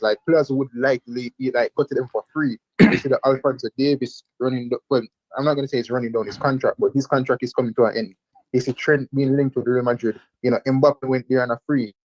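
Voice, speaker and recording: A man co-hosting a casual football talk show, talking quickly and hedging with fillers. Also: mid-range voice, darkish tone, no echo, muffled recording. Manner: quick, hedging with "like" and "you know". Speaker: co-host.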